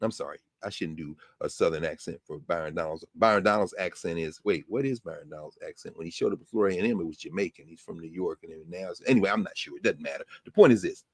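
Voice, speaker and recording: A man's voice: low voice, fast, few pauses, slightly rough, dry recording, studio quality. A man hosting a lecture podcast, reading passages aloud and breaking off into emphatic commentary. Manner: animated, emphatic asides between quoted passages.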